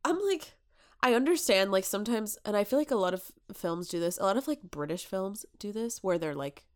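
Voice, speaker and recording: Animated woman, chatty and exasperated. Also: medium pitch, fairly quick. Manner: chatty, animated, rhetorical questions. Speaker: podcast co-host. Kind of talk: casual chat.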